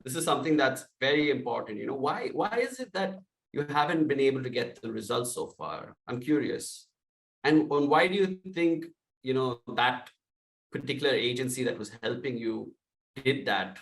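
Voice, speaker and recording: A man coaching salespeople, speaking loudly and with energy and acting out sample calls. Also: medium pitch, expressive, moderate pace, vocal fry, roomy sound, far from the mic, rough recording. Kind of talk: sales training talk.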